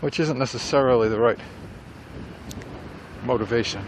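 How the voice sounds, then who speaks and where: A man's voice: medium pitch, normal speed. A middle-aged man talking casually and reflectively about writing dialogue, rambling a little as he goes, with faint traffic noise around him. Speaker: writer vlogger. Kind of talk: casual talk while walking.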